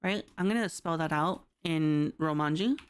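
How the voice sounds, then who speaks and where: A woman's voice: sits low, normal speed, clean tone. A woman streamer giving a casual livestreamed Japanese lesson, chatty and loose, with lots of fillers and a habitual "right?". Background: soft background music.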